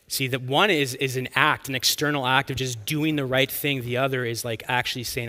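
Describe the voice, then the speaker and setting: A man preaching a sermon in an earnest, expressive way, drawing out key lines for emphasis. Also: mid-range voice, fairly quick, few pauses. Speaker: pastor.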